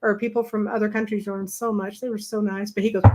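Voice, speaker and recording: A middle-aged woman co-hosting a travel live stream, telling stories in a lively, animated way and acting out the people she quotes. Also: fast talker, few pauses, music in the background. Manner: animated, acts out quoted voices with big pitch jumps. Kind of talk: casual storytelling chat.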